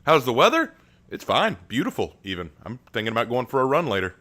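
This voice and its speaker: A man hosts a live stream from home in a relaxed, chatty way. He reads out viewer messages and answers them in a middle-pitched voice. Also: fast. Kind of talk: casual live stream chat.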